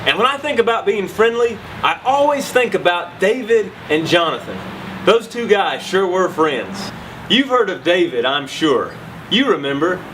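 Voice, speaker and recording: Man, children's Bible lesson host, upbeat, lively pitch, noise behind. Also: low-quality recording. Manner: upbeat, enthusiastic, leads call-and-response. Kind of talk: scripted kids' lesson.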